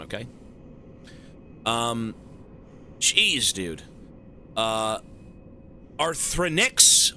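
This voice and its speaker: Bright, excitable male streamer. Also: medium pitch, a little hiss or hum. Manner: excitable, swears a lot, joking banter. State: has a headache. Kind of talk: live stream chat thank-yous.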